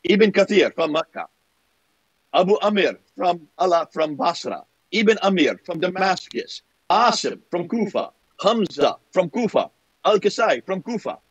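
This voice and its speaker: An older man delivers a lecture-style talk, hammering points home by repeating them. His voice sits a little high and husky and rises and falls widely. The sound is dry and close, as if over a video call. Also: very animated, measured pace, no echo. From United States. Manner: emphatic, repeats phrases for effect, mimics opponents. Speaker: guest speaker.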